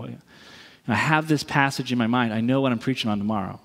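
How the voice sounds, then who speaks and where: Animated pastor in a reverberant church hall. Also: male voice, mid-range voice, fast, vocal fry. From US East Coast. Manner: animated, acts out quotes, jokey then earnest. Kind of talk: sermon with storytelling and closing prayer.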